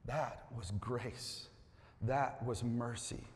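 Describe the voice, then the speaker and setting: A man's voice: on the high side, normal speed. A man preaching as a pastor, coaxing his congregation to join in, then turning earnest. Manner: playful, coaxing the crowd, then earnest and quiet. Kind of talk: sermon with audience participation. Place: church sanctuary. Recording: long hall reverb.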